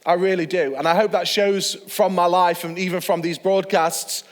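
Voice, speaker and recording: A man with a fairly high voice leads an online church sermon and tells a story with easy chuckles. His voice carries a long, ringing reverb. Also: steady tone, moderate pace. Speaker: pastor.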